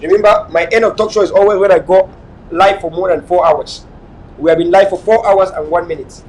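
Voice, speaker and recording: A man with a Cameroonian accent hosting a late-night live online talk show, speaking in an impassioned, repetitive way and sometimes shouting. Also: fairly even intonation, brisk. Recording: echoey room, mic at a distance, faint rumble.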